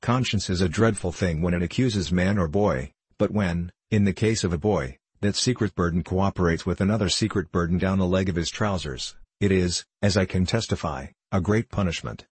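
A man reading a classic novel aloud as an audiobook narrator, in a measured, even storytelling manner. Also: sits low, husky, no room sound.

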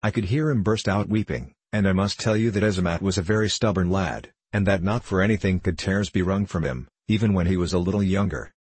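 A man narrating a classic novel as an audiobook reader, in a measured, even storytelling manner. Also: sits low, breathy edge, no echo.

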